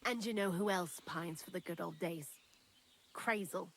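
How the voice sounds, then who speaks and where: A fairly low-pitched, unhurried voice belongs to a woman performing video game dialogue. Her character is a chatty young woman hiding in a thieves' lair who speaks candidly, with dry morbid humor.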